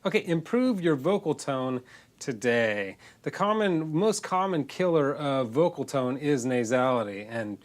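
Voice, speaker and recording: A man's voice: mid-range voice, very animated, measured pace. A man with a congested, nasal voice, teaching singing in a loose, casual lesson full of restarts. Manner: loose, demonstrating, self-correcting.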